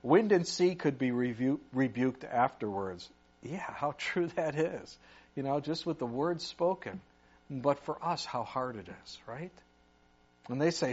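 Male pastor, fairly high voice, casual preaching style, muffled low-fi recording. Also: expressive, normal speed, slightly rough. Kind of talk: sermon.

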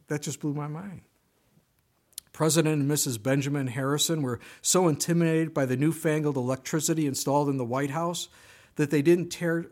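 Earnest preacher with a raised voice. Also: male voice, a little high, a little mellow. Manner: earnest, exhorting, storytelling. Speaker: pastor. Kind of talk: sermon.

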